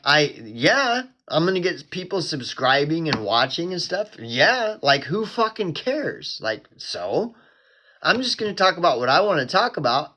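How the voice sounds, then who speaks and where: A man hosting his own channel, rambling in a profane casual rant, full of "dude" and "bro", flaring into angry quotes. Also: a little high. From Oklahoma. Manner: flares up into angry shouted quotes. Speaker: channel host. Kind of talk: casual ranting monologue.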